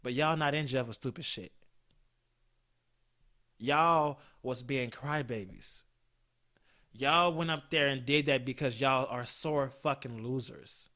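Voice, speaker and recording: A man in his twenties hosting a solo podcast, swearing constantly and swinging between heated outbursts and low mutters. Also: a little slow, sharp tone. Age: 20s. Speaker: podcast host.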